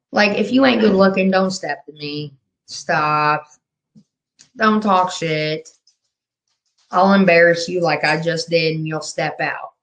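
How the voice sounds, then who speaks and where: A woman's voice: lowish voice, a bit bright, poor audio. Brash, taunting woman in her fifties hosting a live stream, profane and drinking. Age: 50s. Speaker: livestream host. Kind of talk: live stream chat with viewers.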